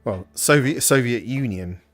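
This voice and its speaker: A man hosting a VR puzzle game playthrough, chatting excitedly to viewers as he explores. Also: medium pitch, a little slow, soft background music. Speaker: gaming channel host.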